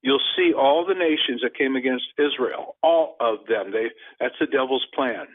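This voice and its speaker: A man's voice: mid-range voice, normal speed. Earnest man on a tinny phone line. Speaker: author guest. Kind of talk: earnest explanation.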